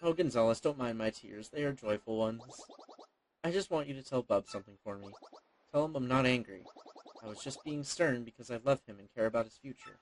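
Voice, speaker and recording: A gentle mother bomb creature from a game speaks softly and sentimentally, as a man puts her on. The delivery is quiet and hushed, with faint music underneath. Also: medium pitch, brisk, natural voice, low-quality recording. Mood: tearful. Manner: soft, sentimental, subdued.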